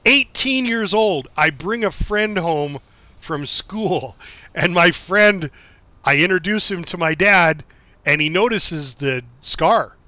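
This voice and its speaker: Here the same kind of speaker, a middle-aged American man streaming games, rambles through stories, curses often, laughs to himself, and reads chat in a relaxed live stream. He speaks slowly in a high, expressive voice with a sharp edge, and the dull lo-fi mic leaves it dry, without echo.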